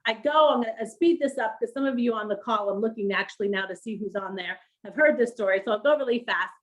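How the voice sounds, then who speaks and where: A middle-aged woman telling her story as an interview guest, animated and laughing often as she acts out quoted voices. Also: fairly high pitch, fast, poor audio. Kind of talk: storytelling on a livestream.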